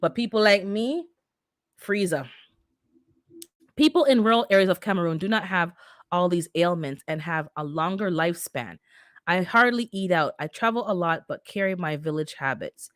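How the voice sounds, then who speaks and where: A woman's voice: on the low side, animated, moderate pace, fairly bright tone, dry recording, studio quality. A middle-aged woman who immigrated to North America, hosting a casual livestream and chatting back to her viewers' comments. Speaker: livestream host reading the chat.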